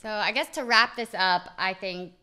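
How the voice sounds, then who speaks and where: Bright upbeat woman chatting on a podcast. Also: medium pitch, moderate pace, clean tone. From Pennsylvania. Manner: chatty, upbeat, frequent laughs and fillers. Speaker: podcast co-host. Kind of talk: casual chat.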